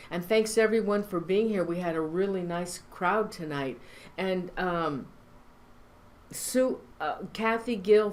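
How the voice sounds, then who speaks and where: A woman hosting a live online show, talking casually and rambling, with lots of fillers and restarts. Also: medium pitch. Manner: rambling, halting with many fillers. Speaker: show host. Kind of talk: casual live-stream talk.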